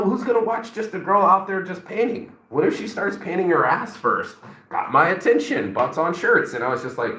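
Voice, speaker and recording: A man's voice: fairly high pitch, lively intonation, a little fast, bright, forceful tone, roomy sound, poor audio. Rambling, profane motivational man in his forties. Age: 40s. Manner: rambling, profane, many fillers. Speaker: motivational vlogger. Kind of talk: casual motivational monologue.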